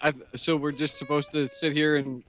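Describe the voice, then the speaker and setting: A man's voice: a little high, little pitch movement, moderate pace, a bit bright, soft background music. A man co-hosting a casual podcast who teases the others with dry remarks. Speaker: podcast co-host. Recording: dull lo-fi podcast audio.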